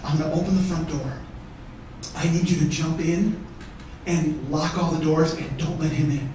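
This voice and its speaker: A man's voice: fairly high pitch, steady tone, normal speed, slight background noise. Profane man telling a story on stage. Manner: profane, shifts from shouting to hushed. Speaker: comedian. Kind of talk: stand-up storytelling. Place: theater stage. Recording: echoey theater from far off.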